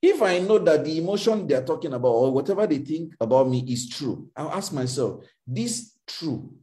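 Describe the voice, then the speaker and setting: Animated male life coach, emphatic teaching. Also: a little fast. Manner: animated, acts out quoted dialogue with big pitch jumps; emphatic and repetitive, faith-infused. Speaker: coach answering audience questions. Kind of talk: motivational teaching session.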